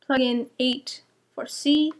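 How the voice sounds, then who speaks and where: Young female math tutor, high voice, unhurried delivery, patient step-by-step explainer. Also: steady tone. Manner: patient, walks through each step and checks answers.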